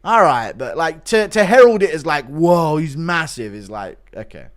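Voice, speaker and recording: A man's voice: a little high, very animated, normal speed, fairly bright tone. A man live-streaming, reading out donations and joking crudely, laughing often. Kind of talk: casual chat.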